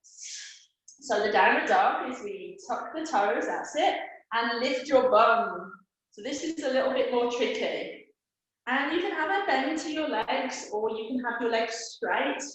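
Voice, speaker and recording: A woman's voice: a little high, expressive, measured pace. A woman leading a live children's yoga class, giving playful, encouraging step-by-step cues. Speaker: kids yoga teacher. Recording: very echoey room.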